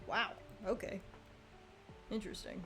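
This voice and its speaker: A woman's voice: mid-range voice, steady tone, measured pace, soft background music. Chatty young woman streaming a game. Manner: chatty, laughs often, reacts loudly to the game. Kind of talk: casual gameplay commentary.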